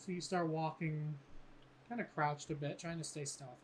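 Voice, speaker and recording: A man's voice: a little high, fairly even intonation, normal speed, slight background noise. Casual swearing game master man. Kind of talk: narrating a tabletop game.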